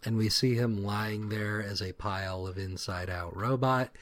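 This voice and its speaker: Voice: deep voice, steady tone, unhurried. A co-host of a comic podcast, chatting casually with dry asides while recapping the story. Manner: easygoing, dry asides, laughs along.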